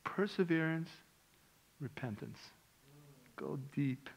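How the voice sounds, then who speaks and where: A middle-aged man preaching a sermon as a pastor, his voice sitting a little high for a man. He tells a personal story with feeling, dropping to hushed, quiet lines and then rising to loud, emotional ones. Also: expressive, slow pace, gravelly.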